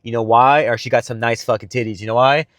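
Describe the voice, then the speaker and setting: A young man talks straight to his viewers in a loose, profane pep talk about dating, leaning on "bro" and "guys" like he's coaching a friend. His voice sits at an ordinary middle pitch. The sound is dry and close, with no room around it. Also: steady tone, fast talker, no room sound. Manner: blunt, profane, buddy-style, calls listeners bro and guys. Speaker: dating advice vlogger.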